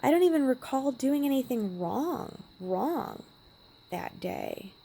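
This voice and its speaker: Woman vlogger, gravelly and warm-toned, emotional storyteller who slips into whispers. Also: sits high, big pitch swings, slow. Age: adult parent. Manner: emotional, drops to a hushed whisper at times. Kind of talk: personal storytelling vlog.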